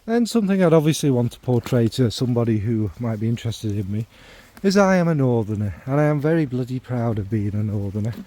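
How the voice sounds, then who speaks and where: A middle-aged fragrance vlogger from the North Midlands of England talks casually about scents in a rambling, self-deprecating monologue full of ums and asides. His medium-pitched voice is animated and dark-toned, moving quickly with few pauses, and there's a little hiss or hum.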